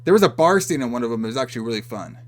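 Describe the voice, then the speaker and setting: A man in the middle of a loose podcast chat, retelling a movie plot with lots of energy. He jumps in and out of the characters' lines, swearing and laughing as he goes. His voice sits at an ordinary pitch. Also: lively intonation, racing. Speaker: podcast co-host. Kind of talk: casual movie recap chat.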